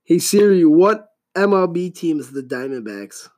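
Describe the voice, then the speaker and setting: A man's voice: on the high side, very animated, normal speed, a little mellow. A man in his thirties hosting a solo podcast, rambling casually with lots of profanity and jokes. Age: 30s. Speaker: podcast host.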